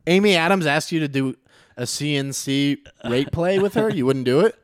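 A man's voice: on the high side, expressive, moderate pace, no room sound, studio quality. A man co-hosting a podcast in casual banter, teasing and spinning absurd hypothetical scenarios. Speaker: podcast co-host.

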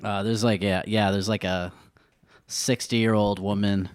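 A man acting as game master for an improvised heist scenario, reacting quickly and laughing along. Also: fairly low pitch, flat delivery, dry recording, clean studio sound. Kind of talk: casual improvised comedy.

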